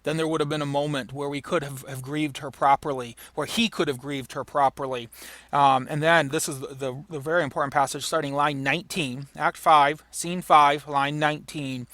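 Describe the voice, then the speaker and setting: A man's voice: a little high, fairly quick, a bit bright, dry recording. A man lecturing on literature, explaining patiently and paraphrasing the passages he reads aloud. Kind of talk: recorded lecture.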